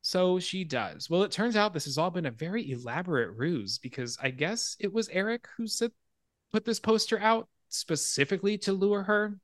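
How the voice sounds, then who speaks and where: A man hosting a podcast in casual chat, retelling a film scene in an animated way and laughing along. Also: sits high, normal speed, no echo. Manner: animated storyteller, laughs and swears freely. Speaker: podcast host.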